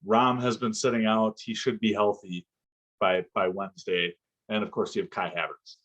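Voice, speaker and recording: A man co-hosting a casual football podcast, talking in an animated, excitable way and laughing often. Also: fairly low pitch, normal speed. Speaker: podcast co-host.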